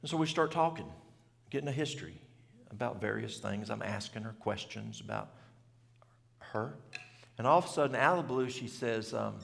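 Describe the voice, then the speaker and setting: A man's voice: on the low side, normal speed, vocal fry, fairly bright tone, long reverb tail. A man, telling a story in a folksy, country way at a church event and asking the audience questions. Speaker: health speaker. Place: church hall.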